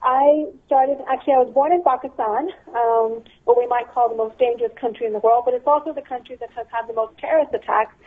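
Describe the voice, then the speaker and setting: A woman in her thirties from Texas with a light Southern accent, a guest expert speaking in an articulate, measured way on a phone interview. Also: a little high, fairly even intonation. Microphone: telephone. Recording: tinny phone line.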